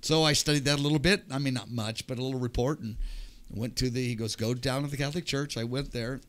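A man's voice: mid-range voice, steady tone, fast talker, a bit bright. An older man, a podcast guest, telling his personal testimony with animation and acting out the voices of people in the story.

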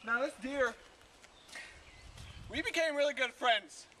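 A man hosting a parody survival show outdoors in the woods, with deadpan how-to narration that breaks into comic ranting. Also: very high-pitched, takes it slowly, recorded from a distance. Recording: outdoor recording with clear background noise.

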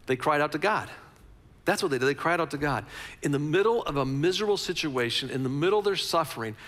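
A man's voice: on the high side, expressive, fast talker, fairly bright tone, in a large hall. A man preaching a conversational sermon as a pastor, repeating phrases for emphasis.

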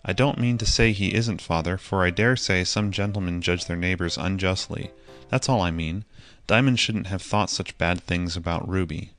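A man reading an audiobook voices a gentle, earnest young boy, speaking innocently and simply. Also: sits low, normal speed, faint music behind.

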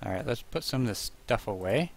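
A man's voice: mid-range voice, lively intonation, fairly quick, creaky, background noise. A man casually commenting on his own gameplay, chatting to himself and yelping at monsters.

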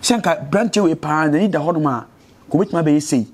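Fast-talking Ghanaian man, earnest testimony. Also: on the high side, darkish tone, slightly rough. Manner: earnest, preachy about faith and change. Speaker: interviewee. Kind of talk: street interview in Twi and English.

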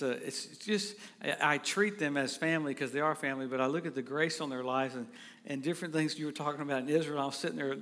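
A middle-aged man preaching a sermon, excitable and quick to laugh, now and then breaking into shouts. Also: on the high side. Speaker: pastor.

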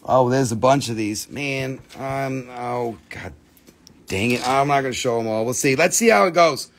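Hosting a casual live sale online, a man from the Appalachian United States jokes around with goofy, playful puns. He speaks at a moderate pace in a medium-pitched voice.

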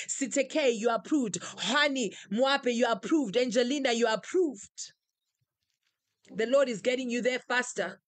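A woman preacher leads a live-streamed prayer, her voice pitched high as she chants names and declarations in fervent, rhythmic repetition. The sound is close and dry, with no room around it. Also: no echo. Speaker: preacher leading online prayer.

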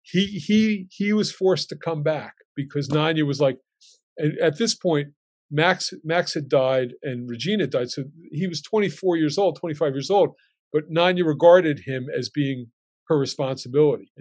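A man in his sixties with a voice pitched a little high for a man, talking as a guest. He tells family stories casually and with energy. He slips into his relatives' lines as he tells them. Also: normal speed. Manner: animated, acting out relatives' lines in the telling.

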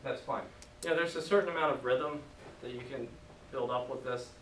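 A man's voice: medium pitch, moderate pace, a bit bright. Man teaching a class in an echoey room. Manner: patient, joking, leads call-and-response drills. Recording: echoey room from far off, faint noise.

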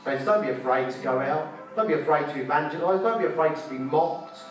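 A man with a highish voice speaks a little fast, preaching a fervent sermon in a conference hall. He repeats his phrases and puts rhetorical questions to the audience, heard through a distant mic in an echoey hall with faint music.

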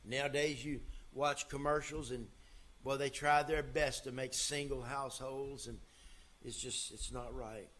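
A man preaching a sermon as pastor, folksy and emphatic, swinging from loud to quiet. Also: mid-range voice, fairly even intonation, unhurried.

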